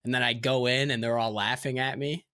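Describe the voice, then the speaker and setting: A man co-hosting a podcast, chatting casually, joking and stammering through deadpan bits. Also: mid-range voice, fairly quick, dry recording, clean studio sound. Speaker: podcast co-host. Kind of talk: casual chat.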